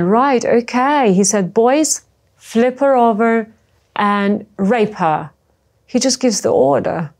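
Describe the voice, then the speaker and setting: A woman from former Yugoslavia speaks as an interviewee, her voice sitting at an ordinary middle pitch. She talks in halting, emotional stretches. She stumbles and repeats words as she goes. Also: darkish tone. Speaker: interviewee, trafficking survivor. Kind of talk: personal testimony in an interview.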